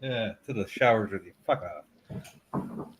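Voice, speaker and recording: A man chatting as a guest on a casual livestream, swearing freely and bursting out loudly. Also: lowish voice, slow pace, breathy edge. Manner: loud, profane outbursts.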